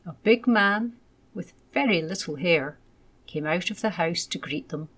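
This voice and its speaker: Brief: woman storyteller, children's story, low-ish voice, unhurried. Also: expressive, a bit bright, breathy edge.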